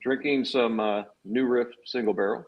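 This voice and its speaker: A man who owns a cigar company, a guest on a podcast, talking in a relaxed, easygoing way. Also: medium pitch, moderate pace, highs cut off. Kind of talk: casual interview chat.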